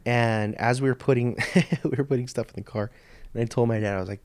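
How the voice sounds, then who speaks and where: Here the podcast host rattles off a story fast, his medium-pitched voice carrying a darkish tone and no room sound. It's a loose, stop-start monologue in the studio, full of profanity and rambling turns.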